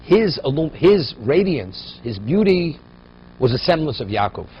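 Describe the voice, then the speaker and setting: A man's voice: a little high, big pitch swings, unhurried, highs cut off, a little hiss or hum. A man giving a Torah class, telling a story and building to emphatic points. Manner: storytelling, rising to emphatic peaks. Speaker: Torah teacher.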